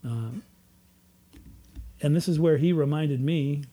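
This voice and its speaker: A man's voice: a little high, takes it slowly, warm tone. A man speaking at a recovery meeting, telling his own story with earnest, emphatic repetition. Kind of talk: personal testimony talk.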